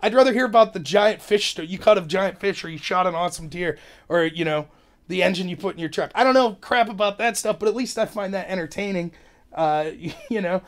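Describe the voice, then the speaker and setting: A man hosting a podcast, delivering an animated, rambling opinion monologue and acting out quotes in other voices. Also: high voice, brisk. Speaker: podcast host.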